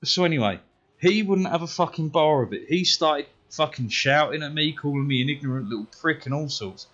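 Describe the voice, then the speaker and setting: A British man, a game streamer, telling a story casually with heavy swearing and animated retelling. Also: fairly high pitch, fairly quick, dull audio, faint music behind. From United Kingdom. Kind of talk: casual storytelling while gaming.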